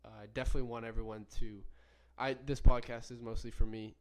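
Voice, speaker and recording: A man's voice: mid-range voice, little pitch movement, fairly quick, darkish tone. A young man hosting a solo podcast, telling a story in a rambling, profane way with many self-corrections. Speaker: podcast host.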